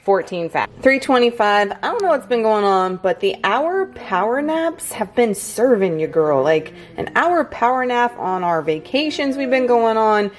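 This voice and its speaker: A woman's voice: on the high side, very animated, measured pace, few pauses. A woman with a Southern US accent, chatting casually to her viewers in a vlog and calling them y'all. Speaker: fitness and food vlogger.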